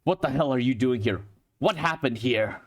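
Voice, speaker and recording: A man's voice: medium pitch, lively intonation, normal speed, pitched above the performer's own voice, close to an everyday voice. A man voicing a stern, suspicious small-town sheriff who fires off urgent, demanding questions. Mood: alarmed, demanding.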